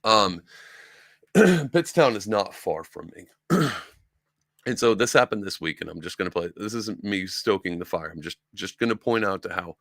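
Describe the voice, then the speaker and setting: A young man from upstate New York with a low, gravelly voice talks through the news in a loose, rambling way. He slips into mocking voices of the people he talks about. His voice sounds dry and close, with no room around it. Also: expressive, moderate pace, a bit bright, no room sound. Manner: rambling, conversational, mocking impressions of others. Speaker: podcast host. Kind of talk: casual political commentary.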